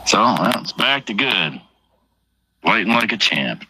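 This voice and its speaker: Solo livestreamer, rambling and crude, fairly low voice with a bright, cutting edge. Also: male voice, very animated, unhurried, breathy edge, low-quality recording. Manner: rambling, heavy swearing, offhand. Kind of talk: casual late-night livestream chat while drinking.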